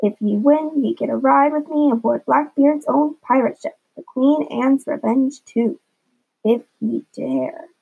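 Woman plays a scheming pirate captain in a storybook reading, jolly and drawling, high and gravelly, dull recording. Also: exaggerated voice. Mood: swaggering. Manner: pirate talk, slow drawl. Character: jolly scheming grown man pirate, gruff.

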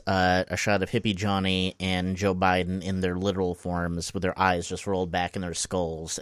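A man co-hosting a comedy podcast, retelling a surreal episode in a deadpan, storytelling way. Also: low-pitched, no room sound. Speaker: podcast co-host. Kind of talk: casual comedic recap chat.

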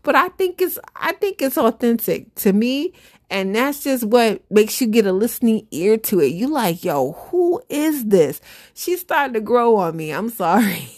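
A middle-aged woman hosting her own show, chatting casually and animatedly, laughing often and talking straight to her listeners. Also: a little high. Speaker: podcast host. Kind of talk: casual solo commentary.

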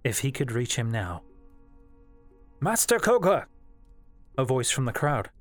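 A man narrating a fan novel as an audiobook in a steady, measured storytelling voice. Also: mid-range voice. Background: faint background music.

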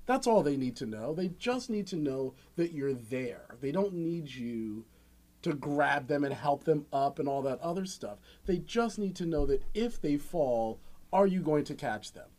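A man's voice: fairly high pitch, animated, unhurried, darkish tone. A man chatting casually on a podcast, telling stories animatedly and acting out quotes, with frequent swearing.

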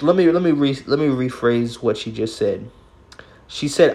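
A young man casually commenting on celebrity news. His voice is getting hoarse, and he rambles and stammers, often correcting himself. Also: medium pitch, normal speed, mellow, a little hiss or hum. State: voice going hoarse. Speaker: host reading celebrity news.

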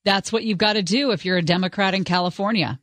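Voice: mid-range voice, fast talker, fairly bright tone, dry recording. A talk radio co-host giving wry, exasperated commentary and reading show teasers. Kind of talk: casual talk radio banter. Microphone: studio microphone.

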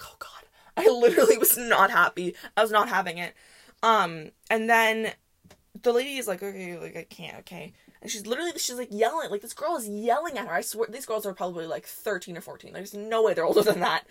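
A woman's voice: mid-range voice, fairly bright tone. A young woman hosting a podcast, telling a story in a rambling, chatty way full of fillers. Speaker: podcast host. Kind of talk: casual storytelling monologue.

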